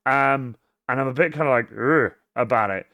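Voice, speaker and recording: A man hosting a cosplay live stream, rambling and swearing freely, swinging between mumbles and loud outbursts. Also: medium pitch, fairly quick, clear, resonant tone, dry recording, lo-fi sound. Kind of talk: casual live-stream chat.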